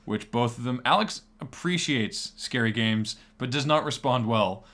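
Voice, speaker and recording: A man's voice: medium pitch, normal speed, a bit bright. A man co-hosting a casual stream, dry and teasing, keeping the show moving. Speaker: stream co-host.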